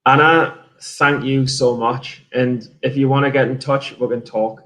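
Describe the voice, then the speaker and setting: An English man chats casually on a livestream, going over his trades and answering viewers. His speech rambles, with frequent swearing and sentences he starts over. His voice sits at an ordinary middle pitch. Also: fairly even intonation, measured pace, a bit bright. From England. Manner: rambling, swears freely, restarts often. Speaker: day trader streamer. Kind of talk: casual livestream chat reviewing trades and reading viewer messages.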